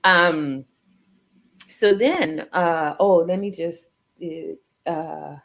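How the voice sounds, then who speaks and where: A woman's voice: sits low, drawn-out words, gravelly, fairly bright tone. A woman hosting an interview over a video call, earnest and rambling, often tagging her points with "right?". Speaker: host.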